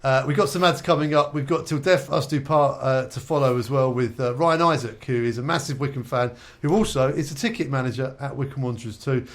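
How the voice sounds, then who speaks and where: A man's voice: medium pitch, a little fast, hardly any pauses. A man hosting a radio show, casually reading out listener questions and bantering with his guest. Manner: easygoing, reads out listener questions. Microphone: studio microphone.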